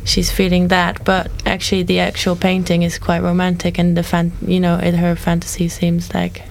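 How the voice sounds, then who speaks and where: A woman's voice: on the low side, completely flat delivery, moderate pace, vocal fry, slight background noise. A woman in a casual art discussion, rambling through her thoughts with restarts and frequent "you know". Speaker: discussion guest.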